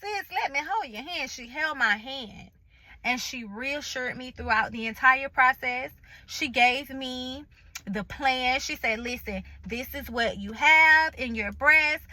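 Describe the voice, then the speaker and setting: High, bright-voiced woman telling her story. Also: slow, dry recording, low-quality recording. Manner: animated, emphatic, acts out conversations in retelling; colloquial, chatty, addresses viewers directly. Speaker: vlogger sharing a health update. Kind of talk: casual personal storytelling.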